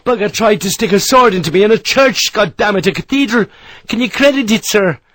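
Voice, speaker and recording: Man voicing a fiery Irish sergeant, swearing, raised pitch, dry studio sound. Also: fairly quick, a bit bright, no room sound. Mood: furious. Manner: angry, swearing outbursts. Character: furious Irish army sergeant, fiery and blunt.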